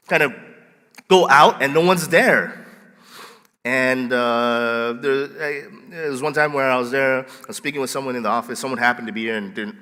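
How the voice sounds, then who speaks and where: A male pastor preaching a sermon, telling stories in a playful, animated way and acting out scenes. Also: medium pitch, big-room sound. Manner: playful, animated storyteller who acts out scenes. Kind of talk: sermon with storytelling. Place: church sanctuary.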